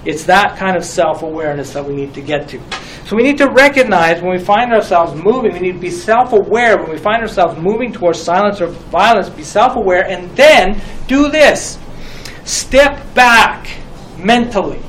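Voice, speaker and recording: A man's voice: high-pitched, animated, moderate pace, a bit bright, slight background noise, rough recording. A middle-aged man giving a reflective talk on group communication, with many rhetorical questions. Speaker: teacher.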